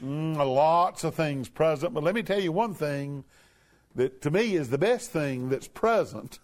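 Older guy preaching in church, lively sing-song delivery, jumps up to big shouts. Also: a little high, a little slow. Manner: emphatic preaching with big swoops and shouted peaks. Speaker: pastor. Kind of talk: sermon.

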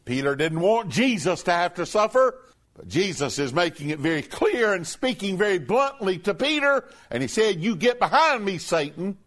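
Lively, high-voiced male preacher. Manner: emphatic, reads scripture in a slow raised voice. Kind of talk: sermon.

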